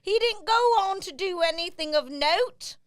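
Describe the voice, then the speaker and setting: A woman's voice: very high voice, moderate pace. A woman guest on a comedy podcast, playful and riffing during a table read.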